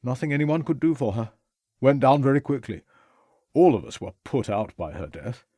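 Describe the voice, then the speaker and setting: A man's voice: mid-range voice, big pitch swings, normal speed, mellow, breathy edge, dry recording, studio quality. Man doing a tipsy, rambling young toff. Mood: mocking. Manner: slurring, chatty, self-pitying.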